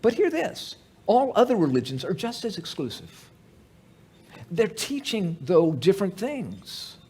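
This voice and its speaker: A man's voice: high voice, wildly swooping pitch, a little slow, darkish tone, a little hiss or hum. A man preaching a sermon as pastor at an evening church service, conversational and joking, full of rhetorical questions.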